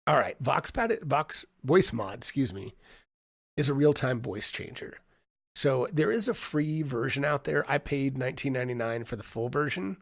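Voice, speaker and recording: A man demoing audio software on a live stream, thinking aloud, from a home streaming setup on a condenser mic. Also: medium pitch, animated, moderate pace, vocal fry, dry recording, clean studio sound. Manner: thinking aloud, many fillers and restarts. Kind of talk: casual live-stream tutorial. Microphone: USB condenser mic.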